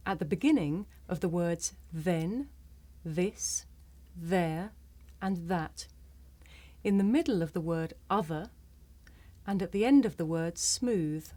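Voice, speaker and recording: A woman with a British accent teaching English pronunciation, speaking clearly and deliberately, carefully over-articulating each sound. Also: fairly low pitch, lively intonation, mellow. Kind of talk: slow scripted pronunciation lesson.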